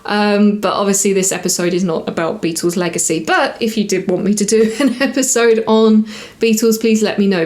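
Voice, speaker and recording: A woman's voice: medium pitch, steady tone, moderate pace, darkish tone. Chatty woman reviewing a TV episode. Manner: chatty, rambling with fillers and self-corrections. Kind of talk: casual review to camera.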